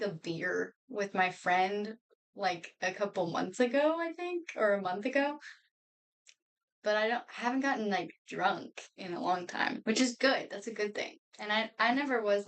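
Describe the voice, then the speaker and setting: A woman's voice: medium pitch, distant mic. A woman in her twenties chatting casually to her live stream viewers at home, rambling and laughing often. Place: home room.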